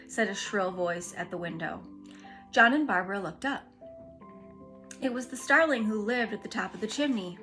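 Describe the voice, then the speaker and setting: A woman reading a classic children's book aloud, gently and expressively. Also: mid-range voice, moderate pace, soft background music. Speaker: storybook reader.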